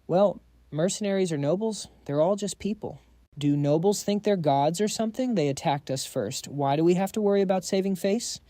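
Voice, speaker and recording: A brash young mercenary, grumbling and cocky, as a man voices him. The voice is somewhat high and soft-edged, close-miked and dry. It comes from a comic recap. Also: moderate pace, dry recording, close to an everyday voice. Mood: irritated.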